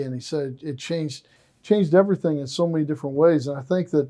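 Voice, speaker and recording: A man's voice: fairly high pitch, fairly quick. A man hosting a podcast, enthusiastic and effusive as he tells stories. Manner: enthusiastic, effusive, animated storyteller. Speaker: podcast host. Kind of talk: casual podcast conversation.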